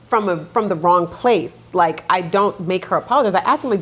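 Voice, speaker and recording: A woman's voice: lowish voice, a little fast. Chatty woman podcast co-host. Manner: animated storyteller, heavy use of "like". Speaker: mother of two young daughters. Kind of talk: casual podcast chat.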